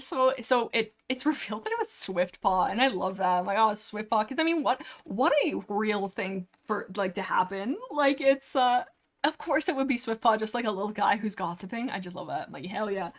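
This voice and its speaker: Woman, livestream host, casual book discussion, rambling, playful, sarcastic, mid pitch, desk mic.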